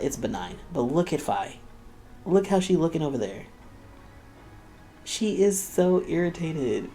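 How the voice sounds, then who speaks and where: A man's voice: medium pitch, warm tone, slight background noise. A young man hosting a reaction video, chatting casually and laughing often as he quotes the people he watches.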